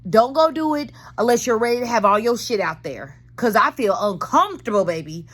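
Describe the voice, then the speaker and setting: A woman in her thirties, chatting in a casual vlog from her car. She tells her story candidly and dramatically, heavy on slang. Her voice sits a little high and swoops up and down a lot. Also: expressive, fairly quick, fairly bright tone. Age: 30s. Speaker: vlogger. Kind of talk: casual chat.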